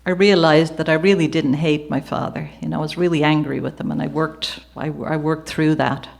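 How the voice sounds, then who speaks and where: A woman with an Irish accent tells her life story to a gallery audience, partly reading from a memoir and partly talking off the cuff. Her voice sits low, and her delivery slips easily from read prose into conversational asides. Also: fairly even intonation, moderate pace, creaky. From Ireland. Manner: warm conversational asides with occasional laughter. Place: gallery event before an audience.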